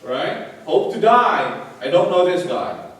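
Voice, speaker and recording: A man's voice: high-pitched, very animated, slow pace, a bit bright, heavily acted. A man preaching, acting out a frightened man who insists he does not know someone, sounding emphatic and protesting. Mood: insistent denial. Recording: echoey hall from far off.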